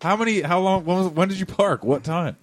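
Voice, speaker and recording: A man improvising an insulting, ballad-singing male parking attendant who drawls his lines slowly in a sing-song. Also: high-pitched, no echo, voice pushed up, close to an everyday voice. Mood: drawling. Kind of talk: improv comedy scene.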